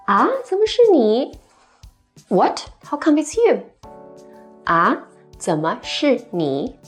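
A woman teaching a scripted language lesson, speaking clearly and deliberately and slowing down to model example phrases. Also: mid-range voice.

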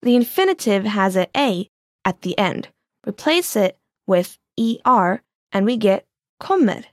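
Patient woman teacher, clear explanations. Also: medium pitch, big pitch swings, measured pace, no echo, clean studio sound. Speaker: language teacher. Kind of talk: scripted lesson dialogue.

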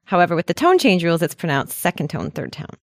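Brief: woman co-host of a language lesson, animated pitch, low-ish voice, dry close mic, chatty and patient. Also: fast, no room sound. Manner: chatty, explains patiently, laughs often. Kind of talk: casual podcast lesson.

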